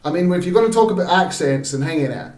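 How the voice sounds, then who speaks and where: Scottish man, young adult, slightly high voice, opinionated, off-mic, echoey. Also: lively intonation, a little mellow, distant mic. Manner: opinionated, halting with restarts. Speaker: podcast co-host. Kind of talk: casual chat.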